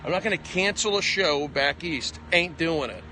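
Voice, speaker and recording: A male comedian ranting in a rambling live stream monologue, combative, with jumpy pitch, recorded on a phone outdoors on a city walk. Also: expressive, moderate pace, bright, forceful tone, a little hiss or hum. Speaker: comedian livestreaming. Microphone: phone at arm's length.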